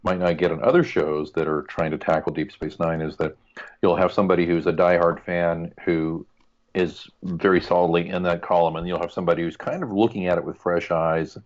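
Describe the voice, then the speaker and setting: A man's voice: sits low, steady tone, a little fast, dull audio. A man co-hosting a casual podcast, chatty and joking with playful asides. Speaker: podcast co-host. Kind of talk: casual chat.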